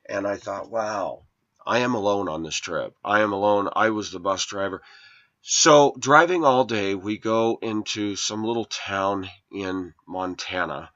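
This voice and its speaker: Man, lower voice, aggrieved monologue vlogger, muffled lo-fi audio. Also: a little slow, a bit bright. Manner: aggrieved, complaining, voice rising when quoting arguments. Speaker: vlogger telling a personal story. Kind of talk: rambling first-person monologue. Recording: lo-fi dull sound.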